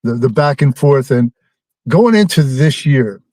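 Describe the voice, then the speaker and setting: A man's voice: mid-range voice, lively intonation, measured pace, a little mellow, dry recording. Rambling, teasing male caller. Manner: rambling, teasing, many ums. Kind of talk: phone-in chat with a host.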